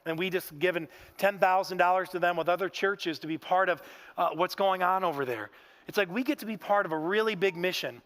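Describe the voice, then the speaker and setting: A man's voice: high voice, brisk, a bit bright. A man preaching a sermon in a church, telling stories in a folksy way and often saying "man". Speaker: pastor. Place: church sanctuary.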